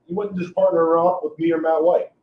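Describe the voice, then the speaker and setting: Blunt-talking podcast co-host, a man with a higher voice heard from across an echoey, dull-sounding room. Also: flat delivery, a little fast, recorded from a distance. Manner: blunt, repeats himself. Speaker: podcast co-host, fire chief officer. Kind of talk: casual chat. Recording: echoey room, set back from the mic, dull and slightly noisy.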